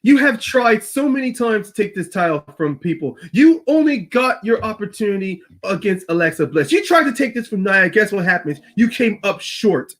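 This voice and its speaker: A man's voice: sits high, sing-song, normal speed, few pauses, fairly bright tone, voice pushed up, heavily acted. A man voicing a brash woman wrestling champion in a put-on Irish accent, delivering taunting trash talk.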